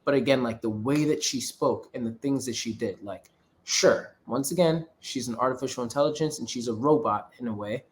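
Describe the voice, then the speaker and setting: A man's voice: mid-range voice, brisk. Guy cohosting a podcast, rambly, lots of likes and ums, medium voice. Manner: rambling, frequent filler words, laughs easily. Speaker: podcast co-host. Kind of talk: casual film analysis chat.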